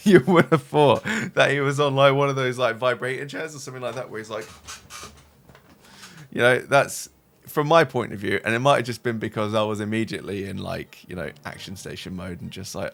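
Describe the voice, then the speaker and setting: A man casually telling a long story to his stream chat, animated and rambling, swearing freely and tagging sentences with "right?". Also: mid-range voice, moderate pace, creaky. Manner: animated, rambling, swears a lot, tag questions. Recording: faint music behind. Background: faint music.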